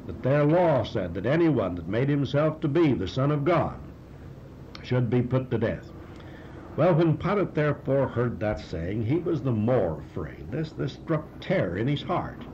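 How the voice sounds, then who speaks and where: A man in the pulpit retells a scripture passage verse by verse, stopping to press a point with sudden emphasis. The recording is dull and lo-fi, with a faint hiss and a low rumble underneath. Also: very animated, normal speed, warm tone. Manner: retells and reads scripture with comments and rising emphasis. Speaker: preacher. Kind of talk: expository sermon on a scripture passage.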